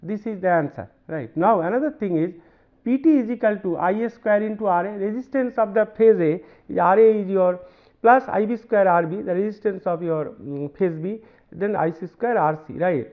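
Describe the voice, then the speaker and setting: High-voiced Indian lecturer, phone-like sound. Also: male voice, normal speed. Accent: Indian English. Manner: hesitant, repeats himself, many fillers and "right?" checks. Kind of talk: university lecture, working through circuit examples. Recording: narrow phone-like band.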